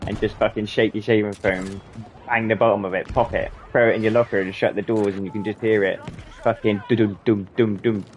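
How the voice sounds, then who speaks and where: A man's voice: fairly low pitch, slight background noise. Sweary young man telling stories. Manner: sweary, rambling, laughs at his own stories. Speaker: gaming channel host. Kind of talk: casual storytelling while gaming.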